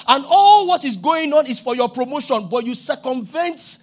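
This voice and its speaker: High-voiced Nigerian man preaching. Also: normal speed. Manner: animated preaching, shouting at peaks, acting out dialogue. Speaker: pastor. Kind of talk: sermon.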